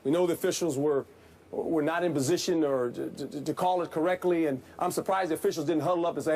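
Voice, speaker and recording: A man, a former football coach, giving animated, folksy analysis in a sports debate and hammering the same point again and again. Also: fairly high pitch, fast talker, slight background noise.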